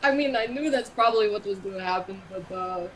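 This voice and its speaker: A woman's voice: mid-range voice, brisk, rough recording. A woman in a tabletop game session talks openly about her character, thinking aloud as she goes. A faint noise runs under the recording. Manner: laughing, candid, thinks aloud. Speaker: player. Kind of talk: casual tabletop game chat.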